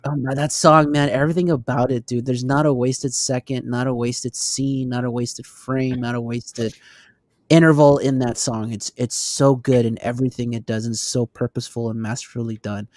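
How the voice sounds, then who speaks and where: A man co-hosting a casual podcast chat, animated and swearing now and then. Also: medium pitch, moderate pace, dry recording, studio quality. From Texas. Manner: animated, swears, laughs often. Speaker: podcast co-host.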